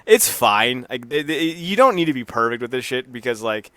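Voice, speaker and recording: A man's voice: mid-range voice, very animated, normal speed, a bit bright, no echo. A man co-hosting a casual wrestling podcast, cracking profane jokes and acting out quotes in silly voices. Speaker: podcast co-host.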